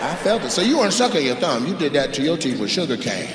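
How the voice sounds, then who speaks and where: Loud, profane stand-up comic man. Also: on the high side, sing-song, fast, echoey room, in a large hall. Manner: loud, profane, teasing the crowd. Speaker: stand-up comedian. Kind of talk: stand-up crowd work. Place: comedy club stage. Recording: noisy live club recording. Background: audience laughter.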